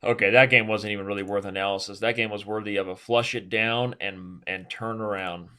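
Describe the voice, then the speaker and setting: A man commentating his own online chess games while playing, animated and self-mocking, giving advice. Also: lowish voice, a little fast, clean tone. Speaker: chess master streamer.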